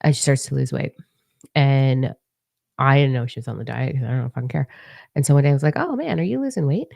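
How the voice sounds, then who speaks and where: Woman, middle-aged, from canada, low pitch, gravelly, blunt, profane, motivational monologue. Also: a little fast, dry recording, clean studio sound. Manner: blunt, profane, animated storytelling. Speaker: spiritual coach.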